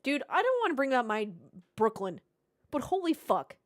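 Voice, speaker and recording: Animated high-voiced woman streamer. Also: normal speed, no echo, studio quality. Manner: animated, swearing, exasperated, laughs a lot. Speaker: streamer watching a race. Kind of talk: casual live-stream reaction.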